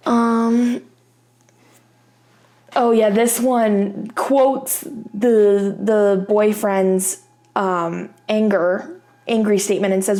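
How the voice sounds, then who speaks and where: A woman's voice: mid-range voice, warm tone. A young woman vlogging in a casual, rambling chat with many fillers.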